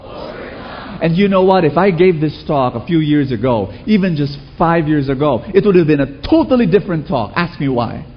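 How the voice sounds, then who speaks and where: Slightly high in pitch and at normal speed, the preacher is heard through lo-fi sound. He engages his congregation in call-and-response, animated storytelling and rhetorical questions.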